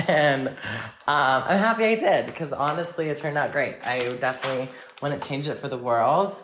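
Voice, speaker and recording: A chatty, giggly woman in her twenties from Florida with a general American accent, livestreaming casually to viewers from home with playful swearing. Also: rumbling low. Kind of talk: casual chat with live viewers. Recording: echoey room with loud noise.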